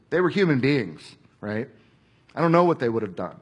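A man's voice: lowish voice, very animated, moderate pace, slightly rough. A man preaching a sermon in a conversational way, acting out quoted voices and at times dropping to a whisper. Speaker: pastor.

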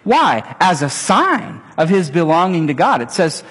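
A man's voice: fairly high pitch, measured pace, slightly rough. A middle-aged man preaching a sermon, telling stories and acting out little voices as he goes. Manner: animated, storytelling with acted-out voices. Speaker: pastor. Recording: long hall reverb.

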